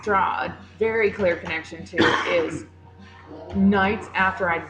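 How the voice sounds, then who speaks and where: A woman's voice: on the low side, steady tone, measured pace, music in the background. A woman co-hosting a casual podcast chat in a coffee shop, telling stories with laughter and acted-out quotes. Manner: chatty, laughing storyteller, acts out quotes. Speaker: podcast co-host. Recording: roomy coffee shop echo.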